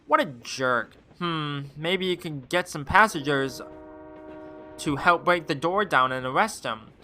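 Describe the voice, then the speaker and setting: A man streaming, reading a game's text aloud and adding wry, deadpan asides. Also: a little high, unhurried.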